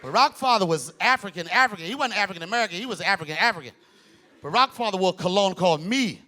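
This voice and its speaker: A male stand-up comedian with a very high, lively voice that swings widely in pitch. He talks loudly and animatedly on a live stage with a handheld mic. A laughing audience and steady room noise sit behind him. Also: quick pace, some chatter behind. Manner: loud, animated, bursts into shouts.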